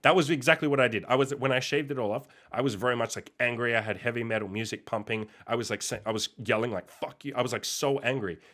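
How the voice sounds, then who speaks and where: A man's voice: mid-range voice, fast talker, hardly any pauses, a bit bright. A young man hosting a casual podcast monologue, reacting with exasperated, incredulous, sweary outbursts. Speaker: podcast host reacting to a post.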